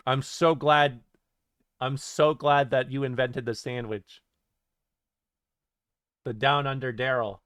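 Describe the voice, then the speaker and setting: Casually reading his livestream chat, a man jokes, curses and laughs often. He speaks at medium pitch with a bit of brightness and a clean tone, with no echo and clean studio sound.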